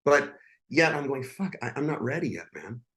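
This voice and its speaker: A man's voice: medium pitch, sing-song, moderate pace, a bit bright. Intense, foul-mouthed man telling his story. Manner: intense, profane, blunt. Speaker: podcast guest. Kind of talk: emotional personal storytelling.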